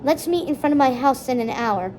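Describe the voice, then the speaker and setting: An anxious young boy from a storybook, talking earnestly and with a worried edge, as a woman reads his part aloud. The voice sits fairly high and sounds mellow. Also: lively intonation, brisk, slight background noise, low-quality recording. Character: boy, anxious but determined.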